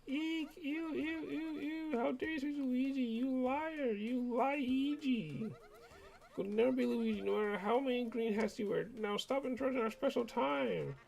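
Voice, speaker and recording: A man's voice: very high voice, moderate pace, vocal fry, a little mellow, voice pushed up. A man voicing a jittery, starstruck young female fan, squealing and flustered. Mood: indignant. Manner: squealing, flustered, indignant outbursts. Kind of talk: reading game dialogue aloud.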